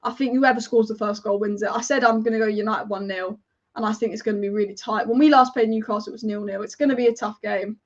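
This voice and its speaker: A woman's voice: fairly high pitch, steady tone, quick pace, dull audio. A woman hosting a live football watch-along, chatty, opinionated and often exasperated.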